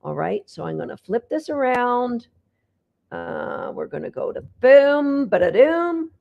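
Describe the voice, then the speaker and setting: A woman's voice: fairly high pitch, sing-song, a little slow, vocal fry, highs cut off. A woman dog trainer giving an upbeat online lesson from home, talking to her dogs as she teaches.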